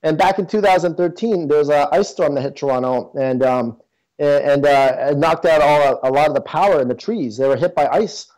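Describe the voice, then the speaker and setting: A man's voice: fairly high pitch, brisk, a little mellow, low-quality recording. A man being interviewed as a guest, talking casually and earnestly, with many fillers and restarts. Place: in Toronto.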